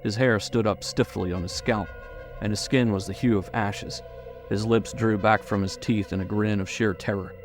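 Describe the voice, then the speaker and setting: A man narrating a horror audiobook in a measured, suspenseful way. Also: on the low side, fairly even intonation, music in the background.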